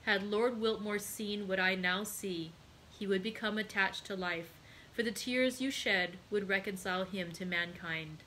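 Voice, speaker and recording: A woman reading aloud as a grave, reserved nobleman, speaking in a measured way. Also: mid-range voice, pushed and bright, a little hiss or hum, poor audio. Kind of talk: read-aloud storytelling.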